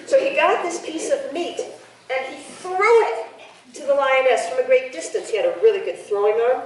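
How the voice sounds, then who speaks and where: A woman storyteller with a high voice, telling a folk tale playfully and drawing in her audience. She sounds far from the mic, with a big ringing echo from a large hall. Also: normal speed. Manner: playful and lively, chatting with the audience.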